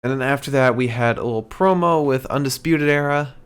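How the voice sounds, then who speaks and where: A man's voice: medium pitch, brisk, clean tone. A man co-hosting a podcast, casually recapping the show with lots of ums and easy laughs. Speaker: podcast co-host.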